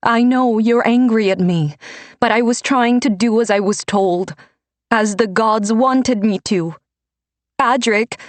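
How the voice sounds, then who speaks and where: A woman's voice: on the high side, measured pace, hardly any pauses, no room sound, voice pushed up, lightly acted. A woman narrator voicing a worried middle-aged mother who pleads with her estranged daughter, her voice raised and emotional. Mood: pleading.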